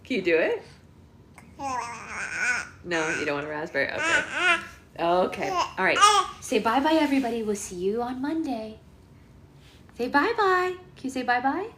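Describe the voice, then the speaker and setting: Lively singsong woman cooing baby talk. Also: fairly high pitch, normal speed, long pauses, slight background noise. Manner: singsong, exaggerated sweet cooing. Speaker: livestream book club host. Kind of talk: playful baby talk to an infant.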